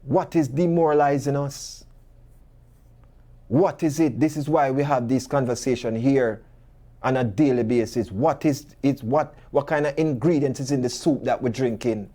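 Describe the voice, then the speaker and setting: Speaking at a normal speed and medium pitch, a male talk show host with a Jamaican accent delivers a monologue. He tells lively stories in patois and keeps tossing out rhetorical questions.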